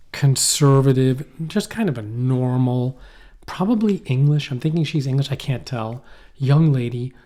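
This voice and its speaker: Rambling man with a mellow voice. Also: mid-range voice. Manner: rambling, animated storytelling with playful mock accents. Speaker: podcast co-host. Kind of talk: casual conversational podcast chat. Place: poorly heated shack.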